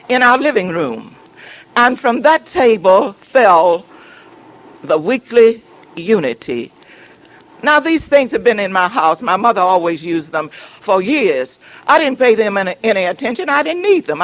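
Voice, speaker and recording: A woman's voice: medium pitch, fairly bright tone, poor audio. A woman pastor from the southern United States preaching a sermon, telling a story with humor and teasing her congregation.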